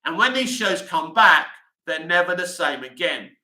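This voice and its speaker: Chatty man with a sharp bright voice. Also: high voice, animated, normal speed, reverberant, rough recording. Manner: rambling, chatty, fillers like "you know". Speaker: livestream host. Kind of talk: casual livestream chat answering viewer comments.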